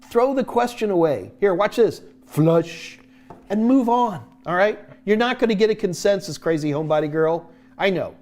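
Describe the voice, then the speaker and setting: A man with a slightly high voice hosts a casual live question-and-answer stream. He rambles and jokes as he answers, often breaking off and restarting his sentences. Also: a little mellow. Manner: jokey, rambling, with many restarts. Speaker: host answering viewer tech questions.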